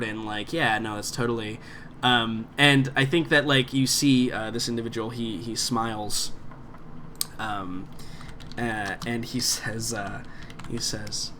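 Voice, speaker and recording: Game master, male, bright voice; loose, rambling narration full of fillers. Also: medium pitch, unhurried, slight background noise. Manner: rambling, many fillers and restarts.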